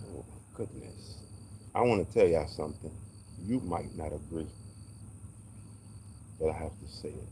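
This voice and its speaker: A man casually rambling on a livestream while feeding chickens outdoors, animated and preachy with street slang. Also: very deep voice, measured pace, pauses often, slight background noise. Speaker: livestream host on a farm.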